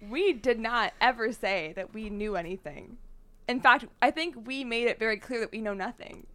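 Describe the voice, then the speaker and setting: A young woman co-hosting a podcast in casual chat, excitable and quick to gasp and laugh, swearing casually. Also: fairly high pitch. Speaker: podcast co-host.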